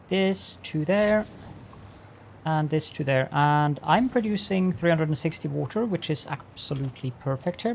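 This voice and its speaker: Male streamer, live gameplay chat, raspy-edged tone, playful mock-formal greetings. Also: fairly high pitch, a little hiss or hum. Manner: chatty, talks to himself while building. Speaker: game streamer.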